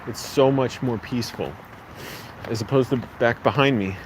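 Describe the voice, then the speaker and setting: A man's voice: medium pitch, normal speed. A man talking casually to his phone camera as he walks through neighborhood streets, rambling from one thought to the next. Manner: rambling, talks to the camera while walking. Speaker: vlogger. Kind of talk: casual walking vlog. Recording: outdoor street recording with clear background noise. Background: passing traffic and outdoor street noise.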